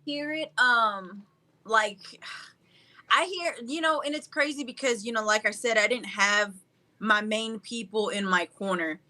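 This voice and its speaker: A woman's voice: a little high, measured pace, bright, forceful tone. A young woman talking casually as an interview guest, upbeat and goofy, often laughing as she tells her story. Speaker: guest fighter.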